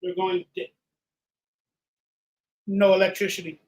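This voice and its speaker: A tipsy man hosting a live watch-party stream, ranting and swearing, swinging from loud outbursts to low mutters. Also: level tone, measured pace, poor audio. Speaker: livestream host. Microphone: headphones with mic.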